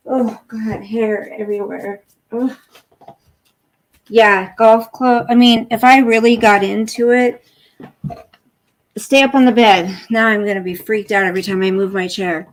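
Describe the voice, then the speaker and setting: An older woman chatting casually with her live stream viewers, rambling between stories and stopping to coo softly at her dog. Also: a little high, steady tone, measured pace, long pauses, slight background noise, rough recording. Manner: chatty, rambling, talks to her dog in soft baby talk.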